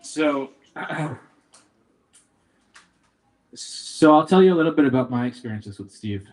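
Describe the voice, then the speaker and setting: Sharing stories about his dad at a memorial, this young son from Canada mixes jokes and playfulness with emotion in his eulogy. He sounds a little high and a bit mellow, animated but slow-paced.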